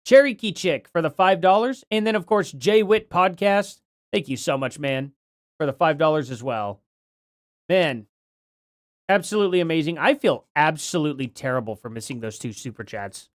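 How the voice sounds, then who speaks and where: A man hosting a casual livestream chats and reads out donations, apologetic about the slight slur a bitten tongue has left in his speech. His voice is a little high, with lively intonation at a normal speed, recorded in a clean studio with no echo.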